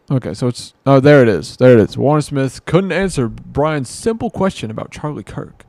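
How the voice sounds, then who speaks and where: A man's voice: mid-range voice, expressive, normal speed, gravelly, a little mellow, dry recording, clean studio sound. A man giving rambling, exasperated reaction commentary, muttering to himself and mocking what he watches. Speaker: commentary vlogger.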